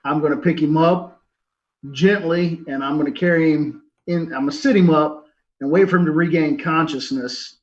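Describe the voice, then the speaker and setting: A man taking his turn in a tabletop game, laying out his character's moves slowly and deliberately. His voice is a bit high for a man and sounds set back from a dull, muffled mic. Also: fairly even intonation, distant mic. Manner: deliberate, describes actions step by step. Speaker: player. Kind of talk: tabletop role-play.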